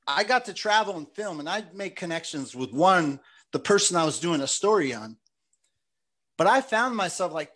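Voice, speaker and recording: High-voiced man telling rambling stories. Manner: rambling, animated, says "dude" and "like" often. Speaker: podcast host. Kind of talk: casual storytelling chat.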